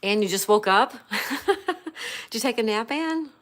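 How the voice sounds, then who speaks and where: A woman hosting a casual baking livestream, softly greeting viewers by name and talking through a recipe. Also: fairly high pitch, expressive, slow. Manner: soft, chatty, reads viewer names aloud. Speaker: livestream host. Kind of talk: casual live-stream chat while baking.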